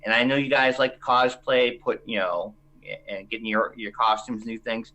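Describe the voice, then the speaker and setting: A man's voice: medium pitch, flat delivery, normal speed, pushed and bright, dull audio. A man around forty from Massachusetts with a Boston accent, talking politely and a bit hesitantly in a casual chat. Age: 40s. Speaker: viewer calling in.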